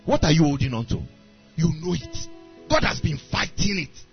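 Animated preacher, high voice. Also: male voice, moderate pace, vocal fry. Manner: animated storytelling, voicing characters. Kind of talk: sermon. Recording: dull lo-fi sound with faint music.

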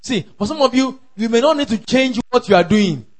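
A man preaching a sermon, emphatic and repetitive, calling out declarations and shouting at the peaks. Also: extremely high pitch, expressive, brisk. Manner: emphatic, repeats lines for the crowd to echo, shouts at peaks. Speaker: pastor.

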